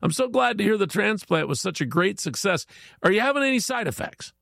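Calm, polite male surgeon, creaky and dry, a man voicing him in a joke. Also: high voice, a little fast, dry recording, pitched above the performer's own voice, full character voice. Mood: matter-of-fact.

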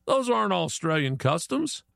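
A man voicing a blunt, exasperated neighbor bloke in a spoken joke, complaining loudly. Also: high-pitched, sing-song, moderate pace, vocal fry, no room sound, studio quality, heavily acted. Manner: loud, incredulous complaining.

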